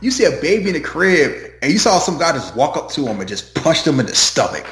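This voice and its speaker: An animated man talking casually about a TV show. He swears freely and jumps into put-on voices to act out scenes, his pitch swinging high and low. The room around him sounds roomy and echoey. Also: a little fast. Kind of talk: casual chat reviewing a TV show. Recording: roomy echo.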